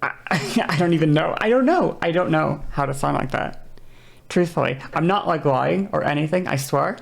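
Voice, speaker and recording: A woman's voice: deep voice, animated, moderate pace, vocal fry. A woman streamer chatting casually and rambling, laughing often and correcting herself mid-sentence. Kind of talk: casual livestream chat.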